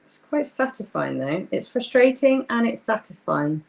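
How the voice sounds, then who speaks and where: A woman's voice: fairly high pitch, very animated, normal speed, creaky, a little mellow. A young woman hosting a live craft workshop, chatting casually and greeting viewers by name while she works.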